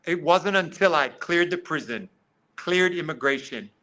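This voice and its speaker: Guy on a podcast telling a story, bright voice, lots of "like", acts out the back-and-forth. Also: fairly high pitch, a little slow, poor audio. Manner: lively retelling that often slips into quoted dialogue, with frequent "like". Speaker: podcast guest. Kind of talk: animated storytelling in conversation.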